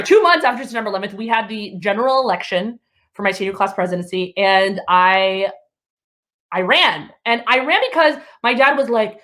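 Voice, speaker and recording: A woman in her thirties from Alabama doing stand-up, telling stories in an animated, chatty way with laughs between lines. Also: fairly high pitch. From Alabama, USA. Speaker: comedian. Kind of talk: stand-up comedy.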